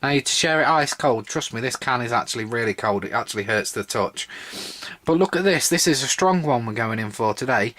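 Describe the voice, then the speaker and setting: A young man with a slightly sore throat and a few drinks in him talks through a drink review at his own pace. His voice sits at an ordinary middle pitch, and he wanders off into wry, chatty asides. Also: pushed and bright. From Britain. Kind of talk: casual solo review vlog.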